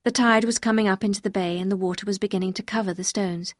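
A woman reading a novel aloud as first-person narrator, in a clear, measured storytelling manner. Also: mid-range voice, steady tone, no room sound, clean studio sound. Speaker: audiobook reader.

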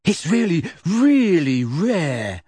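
A man voicing a shy but eager teenage schoolboy who talks with excited, hurried enthusiasm. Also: high-pitched, breathy edge, no echo, studio quality, pitched above the performer's own voice, exaggerated voice.

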